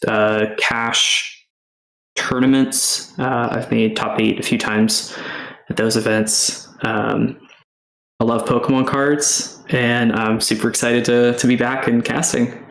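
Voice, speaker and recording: A man's voice: medium pitch, flat delivery, a little slow. Man caster in an echoey room. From Pittsburgh area, USA. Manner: hesitant, filler-laden. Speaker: guest caster and card player. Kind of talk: casual chat. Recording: roomy echo.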